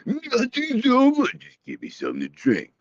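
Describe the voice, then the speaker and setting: A man's voice: very high-pitched, huge pitch swings, normal speed, no echo, lo-fi sound. A man from the Midwest telling a story in a laid-back, drawling way. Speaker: friend in a played voice clip. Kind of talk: casual storytelling.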